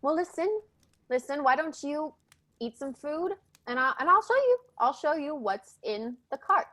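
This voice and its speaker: A smug roadside trader who keeps stalling with slippery friendliness, as a woman game master puts him on. His voice sits fairly high and lively, coaxing travelers toward the fire while dodging their questions. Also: normal speed. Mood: evasive. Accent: put-on Cockney, soon dropped. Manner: wheedling, overly friendly, hesitant.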